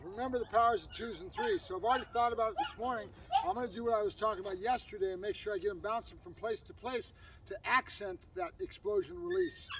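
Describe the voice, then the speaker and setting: This man's voice is extremely high, captured on a distant mic over heavy background noise. He's a dog trainer on a property outdoors, casually walking through a training session and praising his dog.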